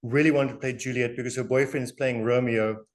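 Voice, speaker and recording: An older man in his sixties speaks with a South African English accent and an ordinary mid-range pitch. He recounts stories casually for an interviewer, animated and quick to chuckle. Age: 60s. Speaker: alumnus.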